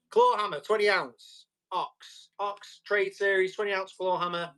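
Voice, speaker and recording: A man's voice: high voice, fairly even intonation, a little slow, pushed and bright. Chatty man selling tools. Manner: chatty, jokey salesman patter. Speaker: live auction seller. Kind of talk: live-stream tool auction chat.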